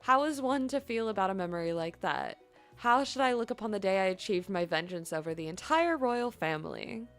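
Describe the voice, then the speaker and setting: A woman's voice: mid-range voice, animated, fairly quick, fairly bright tone, faint music behind, pitched below the performer's own voice. A woman voicing Maleficent, a proud, vengeful female fairy villain, while reading game dialogue aloud, speaking in a grand, disdainful way. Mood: haughty.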